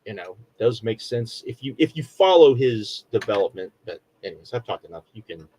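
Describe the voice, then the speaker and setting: A man's voice: lowish voice, big pitch swings, fairly quick, warm tone, husky, low-quality recording. A middle-aged man co-hosting a podcast, chatting casually and rambling through a review with lots of fillers and restarts. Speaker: podcast co-host.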